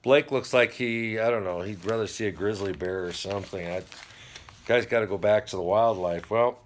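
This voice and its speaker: A man's voice: fairly low pitch, moderate pace, a little hiss or hum. A middle-aged man hosting a home channel, casually recapping a TV dating show with rambling, wry asides. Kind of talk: casual chat.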